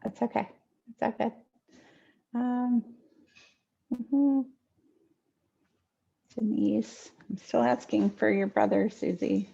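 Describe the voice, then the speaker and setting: A woman's voice: fairly high pitch, fairly even intonation, slow, gravelly, long pauses, warm tone, slightly rough, highs cut off. A woman medium giving live readings from home over a video call, chatty and hesitant with many ums. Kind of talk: live online intuitive readings. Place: home near a kitchen.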